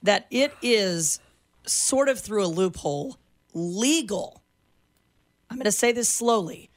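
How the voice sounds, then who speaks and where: A woman co-hosting a radio talk show, chatting in a lively, emphatic way. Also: mid-range voice, normal speed. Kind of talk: casual talk radio chat.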